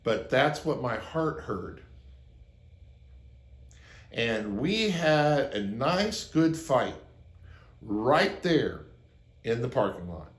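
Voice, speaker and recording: A man's voice: medium pitch, sing-song, extremely slow, pauses often, roomy sound. A man sharing a personal story as advice to his viewers, speaking earnestly and acting out the lines he quotes. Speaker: relationship advice host. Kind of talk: advice monologue to camera.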